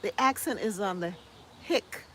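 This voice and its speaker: A woman's voice: mid-range voice, a little slow, pushed and bright, slight background noise. A woman from the US hosting a casual gardening live stream, reading viewer comments aloud and chatting back with easy laughs. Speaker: host reading live chat.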